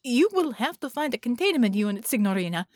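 Woman doing a frantic high-pitched male scientist. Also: very animated, brisk, no room sound, studio quality.

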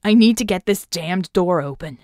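A woman voicing a hoarse young woman hacker who shouts urgent instructions. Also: lowish voice, expressive, normal speed, no room sound, studio quality, close to an everyday voice.

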